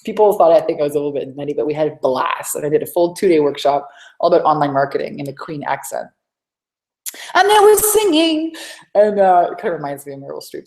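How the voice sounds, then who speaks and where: Low-voiced woman in an echoey room. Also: fast, darkish tone. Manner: chatty and rambling, many restarts. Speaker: sales coach and webinar host. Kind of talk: live coaching webinar. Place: home.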